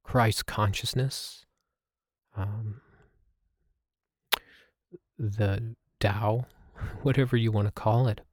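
Low-voiced guy rambling thoughtfully, lots of uhs, dry close sound. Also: fairly even intonation, a little mellow, dry recording. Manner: reflective, halting, many fillers. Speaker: podcast host. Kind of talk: personal storytelling about meditation.

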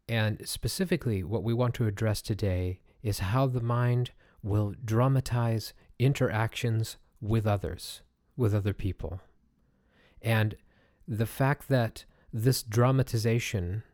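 Calm low-voiced male podcast host. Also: dry recording, studio quality. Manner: calm, gentle, unhurried, with small restarts. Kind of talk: reflective self-help podcast talk.

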